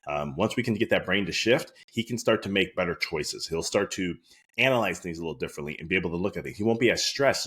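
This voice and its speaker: Quick, low-voiced male podcast host and chiropractor; anecdotal, earnest storyteller. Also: slightly rough. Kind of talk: casual podcast monologue.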